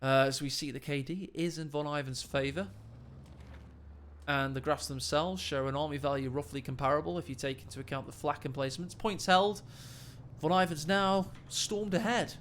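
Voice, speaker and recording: Bright-voiced game caster. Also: male voice, a little high, moderate pace, a little hiss or hum. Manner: cheeky, joking asides. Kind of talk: casual play-by-play game commentary. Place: at home late at night.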